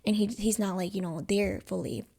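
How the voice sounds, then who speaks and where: A woman's voice: mid-range voice, brisk, vocal fry, warm tone, slightly rough. Rambling young woman telling a story. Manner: rambling, heavy use of "like" and "you know". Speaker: podcast co-host. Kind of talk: casual storytelling chat.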